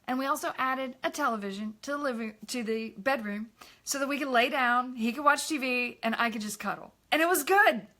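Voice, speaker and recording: Bright-voiced woman hosting a candid live talk. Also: sits high, fairly quick. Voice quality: bright, expressive voice. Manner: candid, confiding storytelling, greets viewers by name. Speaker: ministry host.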